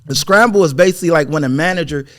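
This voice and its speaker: A man tells a sales story as a podcast guest, rattling along quickly and checking in with "you know what I mean?". His voice sits a little high for a man. He is animated and colloquial, and he acts out the lines of the people in his story. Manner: animated storyteller acting out the dialogue. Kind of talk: casual storytelling interview.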